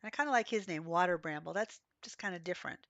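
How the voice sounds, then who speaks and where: Woman, game streamer, hoarse, coughing, chatty storyteller, dry close sound. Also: lowish voice, quick pace, fairly bright tone, no room sound, highs cut off. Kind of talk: casual livestream chat while playing.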